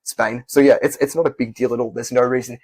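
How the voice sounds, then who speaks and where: Brief: young guy, casual vlog advice, quick and rambling, husky tone, dry close mic. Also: mid-range voice, fairly even intonation, darkish tone, dry recording. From Australia. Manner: fast, rambling, candid with self-corrections. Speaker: language learning YouTuber.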